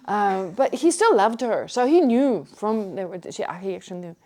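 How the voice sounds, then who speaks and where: A middle-aged woman from Germany, giving a Buddhist teaching and telling a personal story in an animated way with frequent restarts. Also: medium pitch, normal speed, few pauses. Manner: animated, restarts often, acts out her own shock.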